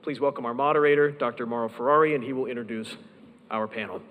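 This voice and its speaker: A man's voice: medium pitch, fast talker, phone-quality sound, noisy background. A man serving as event emcee, reading a formal scripted introduction of a panel moderator in an announcing manner. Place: large conference hall. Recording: long hall reverb with faint ambience.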